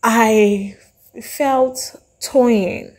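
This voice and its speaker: A woman with a Ghanaian English accent giving an opinionated, animated review of a reality show, acting out the lines she quotes. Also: fairly high pitch, extremely slow.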